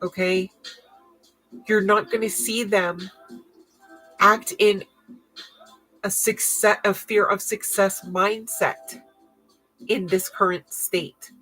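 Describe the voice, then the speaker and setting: A woman's voice: mid-range voice, fairly even intonation, takes it slowly, pauses often, fairly bright tone, faint music behind, rough recording. A woman giving a casual tarot reading in a blunt, profane, slangy way, often laughing. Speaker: tarot card reader.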